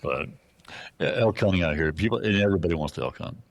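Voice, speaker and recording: A man's voice: low-pitched, fast. A man from Arizona, a bowhunter and guest on a show, telling casual stories that he acts out, with many restarts. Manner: animated anecdotes, acts out other people's lines, frequent restarts. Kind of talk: casual storytelling.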